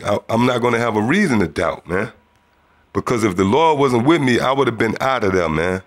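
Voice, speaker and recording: A man's voice: mid-range voice, expressive, fairly quick. A man telling a religious testimony in a casual storytelling way, acting out the voices of other people. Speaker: testimony speaker.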